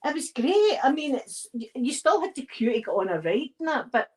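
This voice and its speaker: A woman's voice: high voice, very animated, moderate pace, a little mellow. A Scottish woman chatting casually and rambling through stories as she decorates a tree for an ASMR video. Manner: rambling, digressive storytelling.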